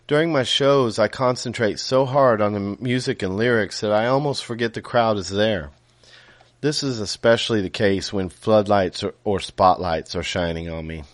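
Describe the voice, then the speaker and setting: A man reading his own novel aloud in a measured way, with small self-corrections and casual asides. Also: fairly low pitch, no room sound.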